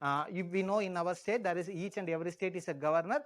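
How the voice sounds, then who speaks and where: A man's voice: high voice, quick pace, a bit bright. A man with an Indian English accent giving an exam-prep history lecture, repeating key words and asking the class questions as he teaches.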